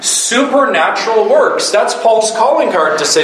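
A man's voice: sits high, lively intonation, a bit bright. Man, Bible study teacher, asks the group questions, distant mic, echoey hall, faint hiss. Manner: keeps quizzing the group with quick questions.

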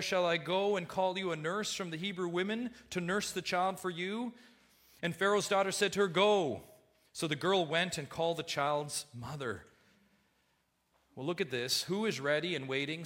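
Male pastor, higher-pitched, sharp bright voice; emphatic, repeats lines, goes from hushed to loud. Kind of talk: sermon.

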